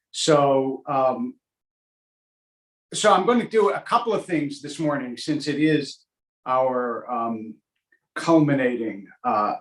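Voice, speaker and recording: A rabbi teaches an informal Torah class, speaking in a loose, conversational way full of ums and uhs. He slips in dry, sarcastic jokes as he goes. His mid-pitched voice rings out in a noticeably echoey room. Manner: dry, joking asides with many fillers. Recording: roomy echo.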